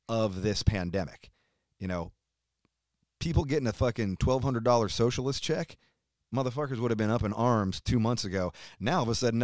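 A man's voice: on the low side, dry recording, studio quality. A middle-aged American man, a guest on a podcast, ranting in emphatic, profane casual talk, swearing constantly. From United States. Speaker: podcast guest, metal musician. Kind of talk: heated casual rant.

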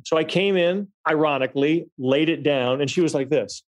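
Animated storytelling man, slightly high voice. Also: normal speed, few pauses. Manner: animated, acts out quoted people. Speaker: guest actor. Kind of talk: casual anecdotal storytelling.

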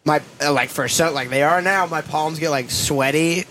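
A man's voice: fairly high pitch, normal speed, sharp tone, slight background noise. A man in a casual chat, telling a story hesitantly with many fillers. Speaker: podcast co-host.

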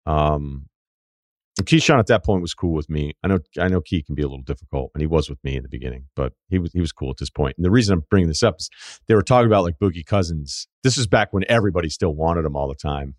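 A deep-voiced middle-aged man hosts a podcast in a loose, chatty way. He tells stories emphatically, tossing in quick asides. His voice sits close and dry on the studio mic. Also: expressive, a little mellow, dry recording. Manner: emphatic storytelling, quick asides, frequent laughs. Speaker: podcast host. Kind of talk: casual chat.

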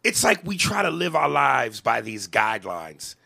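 A man's voice: medium pitch, big pitch swings, moderate pace, creaky, pushed and bright. A man in his forties on a podcast, ranting with passion, swearing and stumbling over restarts. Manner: passionate, profane, stammering restarts. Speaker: podcast co-host. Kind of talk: emotional podcast rant.

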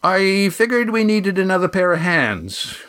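A man reading a storybook, voicing a rough fisherman on a boat crew who talks in a hesitant way. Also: high-pitched, big pitch swings, a little slow, a bit bright, voice pushed up, full character voice. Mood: explaining. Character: rough one-handed fisherman crew member.

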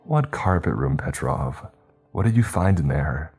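A man's voice: a bass voice, lively intonation, unhurried, a little mellow, husky, faint music behind, full character voice. A man voicing a wary young woman store worker, who sounds cautious and defensive. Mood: guarded.

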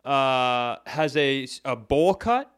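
A man's voice: medium pitch, expressive, takes it slowly, a bit bright, clean tone. A man co-hosting a comedy podcast, telling rambling stories full of self-corrections in casual chat. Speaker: podcast co-host.

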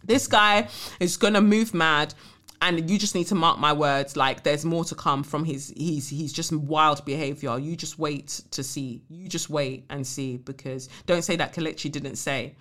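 Outspoken low-voiced woman podcaster. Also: a little slow, a bit bright. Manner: emphatic, outspoken, swears freely. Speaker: podcast host. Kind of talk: casual podcast chat and letter reading.

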